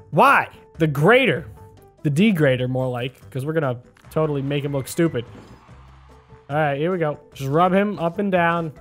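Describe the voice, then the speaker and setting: A man doing casual gameplay commentary, chatty and excitable, often talking to the character on screen. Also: fairly high pitch, moderate pace, soft background music. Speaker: gaming video host. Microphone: desk microphone.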